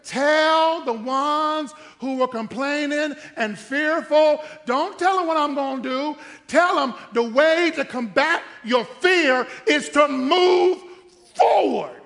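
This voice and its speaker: A man's voice: very high-pitched, sing-song, moderate pace, creaky, voice pushed up, full character voice. A man voicing God as an impatient, scolding figure who barks orders at Moses, in a sermon. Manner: shouting, incredulous, scolding. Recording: long hall reverb.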